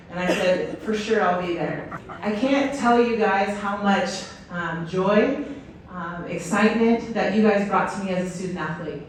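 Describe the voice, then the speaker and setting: A woman coach giving an enthusiastic storytelling speech to a stadium crowd, with many fillers. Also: medium pitch. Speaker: head volleyball coach, guest speaker. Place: outdoor stadium. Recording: echoey stadium PA from far off.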